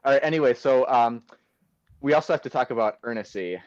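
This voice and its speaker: A man's voice: mid-range voice, quick pace, no echo. A teenage boy hosting a casual podcast over a phone call, rambling with restarts and laughing easily. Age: teens. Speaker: podcast host. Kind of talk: casual chat.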